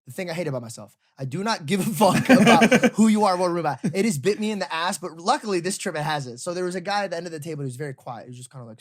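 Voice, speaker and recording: Fast-talking, high-voiced comedian telling stories. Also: male voice. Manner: animated, acts out quotes, swears freely. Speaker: comedian and podcast co-host. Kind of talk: casual podcast storytelling.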